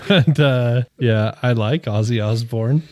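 A man co-hosting a casual podcast, talking in an easygoing, rambling way with quick asides. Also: medium pitch, darkish tone. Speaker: podcast co-host. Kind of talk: casual chat.

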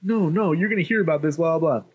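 A spoiled brat of a young man whines in a high, pushy voice, put on by a man retelling a comic. He sounds outraged and entitled, loud and sharp. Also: quick pace, slightly rough, rough recording. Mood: threatening. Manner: indignant, shrill complaining.

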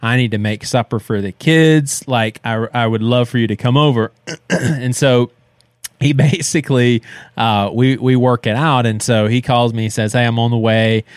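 A man in his thirties co-hosting a podcast, telling a story in a casual, animated way and laughing as he goes. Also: mid-range voice, moderate pace, clean tone, no echo, studio quality. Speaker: podcast co-host.

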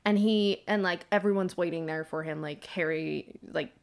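A woman's voice: low voice, normal speed, gravelly. A young woman co-hosting a podcast, chatting casually about a book, full of "like"s and laughing as she retells scenes. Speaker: podcast co-host.

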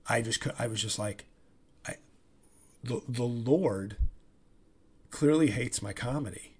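A man hosting a podcast, telling a comic story in an animated, profane, rambling way. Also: medium pitch, a little slow, slightly rough. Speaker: comedian and podcast host. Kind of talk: casual comedic monologue.

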